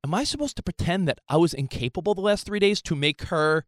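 Animated, high-voiced man on a talk show. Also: fast, dry recording, clean studio sound. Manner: animated, defensive, stammering restarts. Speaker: radio show co-host. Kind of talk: casual talk show chat.

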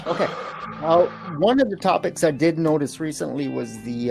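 A man's voice: on the high side, lively intonation, moderate pace, gravelly, over music. A Canadian man with a Canadian accent, a guest talking loosely and swearing, with frequent laughs. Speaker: podcast guest. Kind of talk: casual podcast chat.

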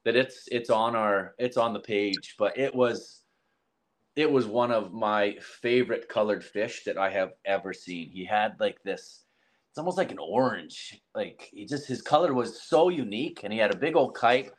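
Podcast guest, man from Alberta; relaxed talker, lowish voice, feels for his words. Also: normal speed. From southern Alberta, Canada. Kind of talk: casual chat.

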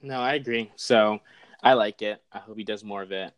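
A man's voice: lowish voice, normal speed, clear, resonant tone, dull audio. A man co-hosting a casual sports chat, rambling with lots of "like" and cursing freely. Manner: rambling, profane, filler-heavy. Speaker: podcast co-host.

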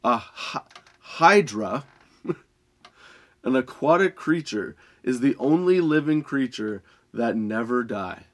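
A young adult man, high and laughing often, reading odd facts and ranting with a lot of swearing. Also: animated, slow pace. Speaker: podcast host. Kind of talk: casual stoned rant.

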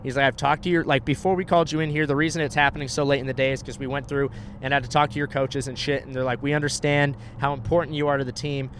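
A man's voice: medium pitch, flat delivery, fast talker, hardly any pauses, a bit bright, a little hiss or hum. A young man casually telling a story on a podcast, acting out the people he quotes and swearing freely.

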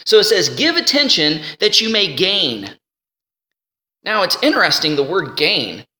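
Man preaching in an echoing hall. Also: high voice. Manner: animated, conversational teaching with slowed scripture reading. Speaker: Bible teacher. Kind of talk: sermon. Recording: roomy hall with long reverb.

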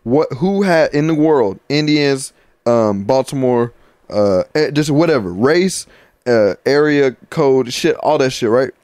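A man's voice: medium pitch, unhurried, no room sound, studio quality. A man co-hosting a podcast, talking in loose, profane, joking banter. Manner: loud, joking, profane, animated. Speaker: podcast co-host.

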